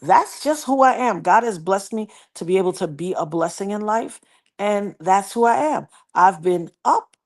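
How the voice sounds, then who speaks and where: A woman livestreaming, casually telling a personal story and reading viewer comments in an animated, folksy way. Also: medium pitch, moderate pace. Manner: animated, folksy, slips into quoted voices.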